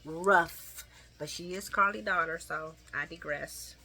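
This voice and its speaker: A woman casually recapping a soap opera episode, laughing often and acting out the characters' lines in quick little voices. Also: lowish voice, husky. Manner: animated and giggly, acts out characters' lines. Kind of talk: casual chat.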